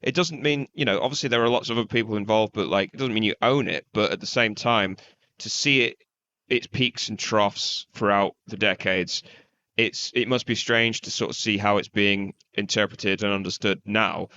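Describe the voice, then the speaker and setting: Low guy co-hosting, kinda muffled lo-fi sound, hesitant rambly chat. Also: normal speed, sharp tone. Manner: hesitant, loose, many restarts and fillers. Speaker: podcast co-host. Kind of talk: casual podcast chat.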